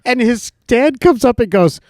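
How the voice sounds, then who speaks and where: A man co-hosting a casual podcast, laughing often and tossing in quick agreements. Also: very high voice, expressive, dry recording, clean studio sound. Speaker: podcast co-host. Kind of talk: casual chat.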